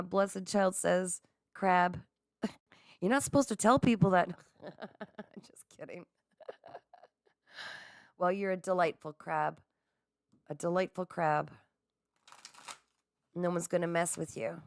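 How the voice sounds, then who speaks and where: Excitable woman hosting a live chat. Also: fairly low pitch, slow pace, creaky, pauses often, no echo, studio quality. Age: middle-aged. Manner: excitable, laughs often, talks straight to viewers. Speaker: livestream host. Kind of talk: casual live chat reading comments.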